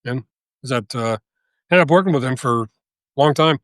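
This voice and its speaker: A man in his sixties, a guest telling a story in a casual interview, animated and profane, often checking with "right?". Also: medium pitch, normal speed, dry recording, studio quality. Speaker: guest, author and veteran.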